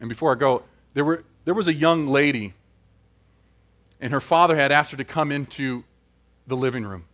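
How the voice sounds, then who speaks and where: A man's voice: medium pitch, normal speed, pauses often, fairly bright tone. A man preaching a sermon and closing in prayer, earnest and building to emphatic questions.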